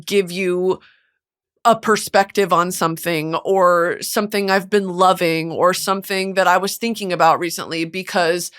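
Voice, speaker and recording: A woman's voice: fairly low pitch, steady tone, normal speed, fairly bright tone, clean tone. A woman in her twenties hosting her podcast alone, talking earnestly and emotionally about being burnt out. She swears freely and fills her talk with "like". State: burnt out, close to tears. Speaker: podcast host. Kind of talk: candid solo podcast monologue.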